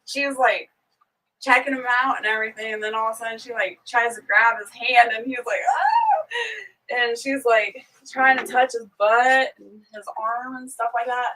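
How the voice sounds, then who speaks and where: Hosting a casual morning livestream from her home on a small farm, a woman chats easily, laughs often and greets viewers by name. Her voice is fairly high with a sharp tone. She's far from the mic, and the audio is poor.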